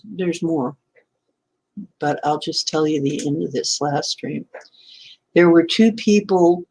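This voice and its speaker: A channel host speaking casually to camera, this woman has a lowish, dark-toned voice. She rambles through a story about a dream and a nighttime phone call, correcting herself and laughing often.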